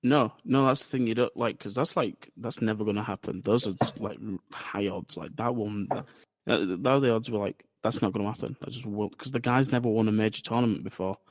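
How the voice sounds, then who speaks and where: A man's voice: lowish voice, a little fast, dry recording. Sweary man telling stories. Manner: rambling, swears freely, tells anecdotes. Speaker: podcast co-host. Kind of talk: casual chat.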